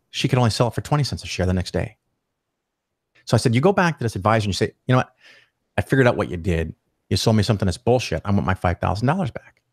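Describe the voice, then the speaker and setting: Guy ranting through a story, swears a lot, voice jumps all over, mid pitch. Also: no room sound, clean studio sound. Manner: animated, profane, acts out quoted voices. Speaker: podcast guest. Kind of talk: casual storytelling interview.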